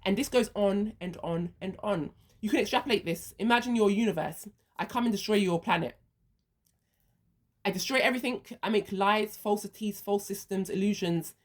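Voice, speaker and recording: A woman with a medium-pitched voice speaks at normal speed in an earnest, reflective monologue sharing her views. She walks step by step through a hypothetical first-person story.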